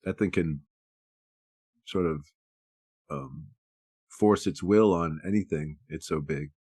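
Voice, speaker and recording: A man's voice: extremely low pitch, takes it slowly, darkish tone, breathy edge, dry recording, clean studio sound. A man co-hosting a podcast, joking and riffing in casual chat. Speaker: podcast co-host.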